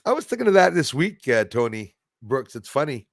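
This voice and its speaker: A man's voice: medium pitch, sing-song, fairly quick, dry recording, studio quality. A man hosting a casual live stream, talking in a loose, rambling way with many fillers and restarts. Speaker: host.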